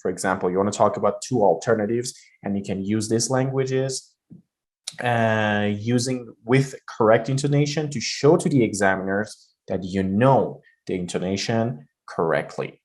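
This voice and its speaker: Vietnamese-accented male teacher, lowish voice, chatty exam-prep explaining, lots of fillers. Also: moderate pace, darkish tone. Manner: explaining, thinking aloud with many fillers. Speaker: pronunciation teacher. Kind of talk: spoken exam-prep lesson.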